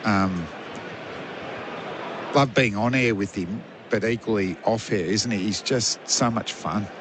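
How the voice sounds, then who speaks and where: A middle-aged man, a former fast bowler as expert radio commentator, telling rambling anecdotes. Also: fairly low pitch, noisy background. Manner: chatty, rambling anecdotes with fillers.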